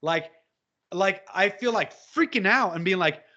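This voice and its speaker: A man preaching with passion in conversation, exhorting and building to loud outbursts. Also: sits high, lively intonation, measured pace. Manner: impassioned, exhorting, rising to shouts when quoting. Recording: dull lo-fi audio.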